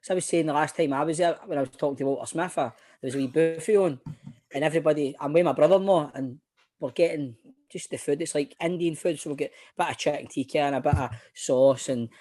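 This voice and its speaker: A man's voice: fairly high pitch, fast, warm tone. A Scottish man hosting a podcast, telling a self-mocking story in casual chat. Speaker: podcast host.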